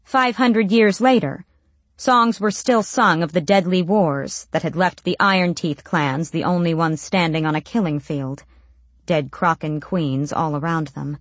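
A woman reading a fantasy story aloud as narrator, with steady storytelling. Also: lowish voice, unhurried, no echo. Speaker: audiobook narrator. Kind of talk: scripted narration.

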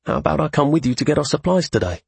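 A man's voice: on the high side, lively intonation, racing, creaky, husky, dry recording, pitched above the performer's own voice, heavily acted. A man voicing an earnest, hesitant young magic user in an audiobook. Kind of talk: audiobook character voice.

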